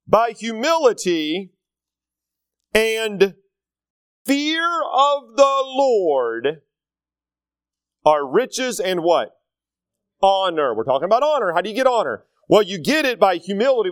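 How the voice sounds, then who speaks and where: A man's voice: sits high, no echo. Middle aged pastor guy preaching, talks right to the congregation w/ questions, dry close sound. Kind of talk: sermon.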